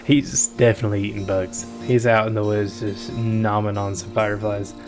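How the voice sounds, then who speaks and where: A man hosting a game playthrough who makes rambling, soft-spoken casual asides. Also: lowish voice, little pitch movement, normal speed. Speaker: let's play host. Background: game music.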